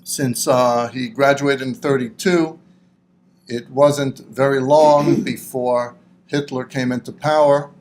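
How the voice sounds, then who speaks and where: A middle-aged man in an oral history interview, speaking reflectively and haltingly with frequent fillers. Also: mid-range voice, steady tone, darkish tone.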